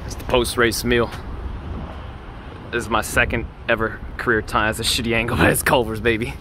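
A man vlogging from a speedway grandstand on a handheld phone, hoarse, loud, excitable and swearing freely. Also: mid-range voice, a little fast. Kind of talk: casual vlog from a race. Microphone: handheld phone camera. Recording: loud crowd and outdoor noise. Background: roaring race crowd.

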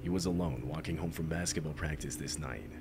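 Male narrator, very deep and gravelly, steady factual read over noisy video audio. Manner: measured, factual. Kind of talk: scripted news-style narration.

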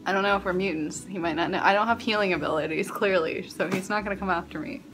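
A woman's voice: on the low side, fast talker, over music. A young woman vlogging from her apartment, talking casually and rambling with self-mocking humor. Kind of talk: casual vlog chat.

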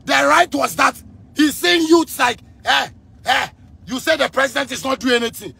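Angry Ghanaian man, gravelly high voice. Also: normal speed. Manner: heated, repetitive, bursts into shouting. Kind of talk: angry rant addressed to the president.

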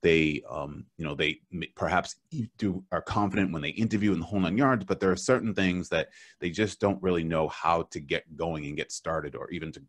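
A man with a Boston accent hosts a casual podcast interview. His voice sits very low, and he talks in a chatty way, often restarting his sentences with fillers. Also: a little fast. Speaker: podcast host.

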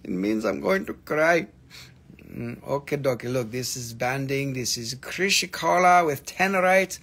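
A man's voice: a little high, animated, unhurried, gravelly, fairly bright tone. A man hosting a live stream crystal sale, with playful salesman patter in a put-on joke voice and some cursing. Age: adult with a daughter.

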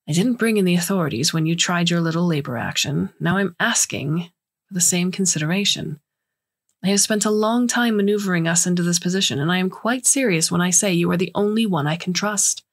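A woman's voice: lowish voice, a little fast. A woman voicing a scheming older female alien scientist who speaks in urgent, clipped lines.

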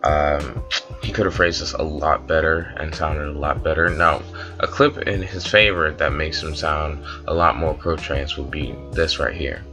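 A man's voice: a bass voice, a little slow, over music. A man explaining online drama in casual commentary, rambling a little with fillers. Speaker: commentary YouTuber.

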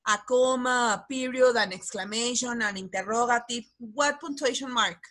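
High, bright woman teacher on a video call. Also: moderate pace. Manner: encouraging, calls on pupils by name. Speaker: English teacher. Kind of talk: online class quiz game.

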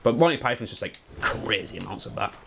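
A man's voice: fairly low pitch, fast, vocal fry. Young man streaming a speedrun, swings up and down constantly, keyed-up and cursing, faint hiss behind. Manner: excitable, sweary, talks to chat. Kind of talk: live gameplay commentary.

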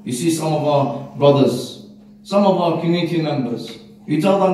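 A man giving a sermon, telling stories and acting out the dialogue with big swings in pitch. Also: moderate pace. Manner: storytelling, acts out dialogue with lively pitch swings. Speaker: speaker. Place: community hall. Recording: echoey hall, mic at a distance.

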